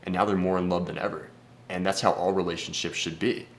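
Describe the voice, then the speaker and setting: A man's voice: low-pitched, little pitch movement, fast, a little hiss or hum. A man speaking as a dating coach in a casual vlog, brash, blunt and profane. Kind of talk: casual vlog advice talk.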